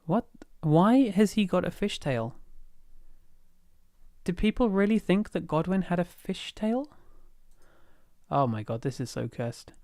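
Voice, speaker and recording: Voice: mid-range voice, expressive, unhurried, pauses often, darkish tone, no echo, clean studio sound. A livestream host chatting casually at home, rambling and easily sidetracked, thinking aloud with many fillers and restarts. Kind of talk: casual lore chat on a livestream.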